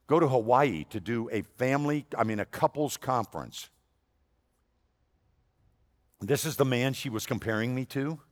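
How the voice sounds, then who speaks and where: A man preaching a sermon as an animated storyteller, jumping between loud punchlines and hushed asides. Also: mid-range voice, unhurried, pauses often. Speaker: guest preacher. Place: church sanctuary. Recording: long reverb of a church hall.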